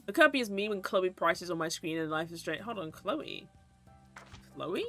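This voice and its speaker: A woman's voice: on the low side, expressive, moderate pace, fairly bright tone, faint music behind. A woman livestreaming and chatting casually with her viewers, playful and teasing, cursing freely and slipping into mock-archaic theatrical bits.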